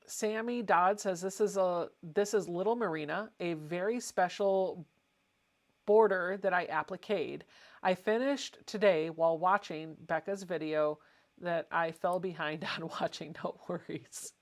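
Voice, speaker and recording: A woman's voice: on the low side, unhurried. A woman hosting a casual home livestream, chatting and reading viewer comments aloud. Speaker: livestream host.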